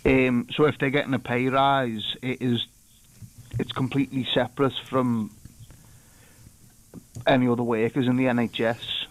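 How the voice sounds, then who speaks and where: A man's voice: mid-range voice, flat delivery, moderate pace, long pauses. A man calling a radio phone-in, speaking hesitantly with many fillers. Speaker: caller. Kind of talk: casual phone-in call.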